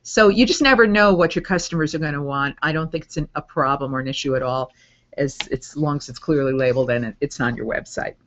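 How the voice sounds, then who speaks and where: A woman's voice: deep voice, quick pace. A middle-aged woman coaching voice over students, chatting casually and upbeat while answering viewer questions. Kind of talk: live Q&A webinar. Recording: dull lo-fi audio.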